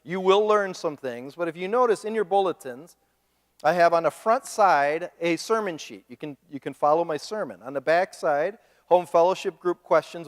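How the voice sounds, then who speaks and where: A man preaching a sermon as pastor, animated and joking, mimicking the people he talks about. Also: fairly high pitch, moderate pace. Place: church sanctuary. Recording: long reverb of a church hall.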